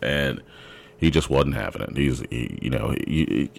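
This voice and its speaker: Brief: young man, extremely low voice, casual rambling storyteller who restarts his sentences. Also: animated, moderate pace, gravelly.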